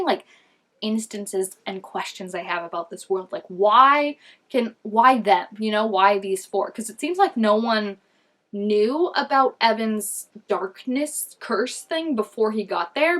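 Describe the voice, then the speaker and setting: A woman's voice: medium pitch, moderate pace, a bit bright. A young woman chatting casually in a fan recap vlog, gushing and rambling with lots of filler words.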